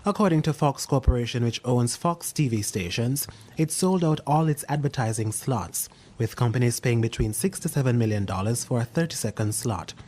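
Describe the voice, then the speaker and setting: A man reads out business news from a script. His delivery is steady and even, like a newsreader's, in a mid-range voice. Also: mid-range voice, moderate pace, few pauses, slight background noise. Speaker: news segment reader.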